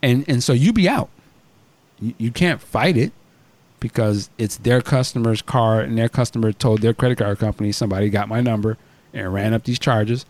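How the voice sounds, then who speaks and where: A man's voice: medium pitch, normal speed, a little mellow, dry recording. Blunt, profane male storyteller, dry sound. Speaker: podcast host. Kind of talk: casual anecdote telling.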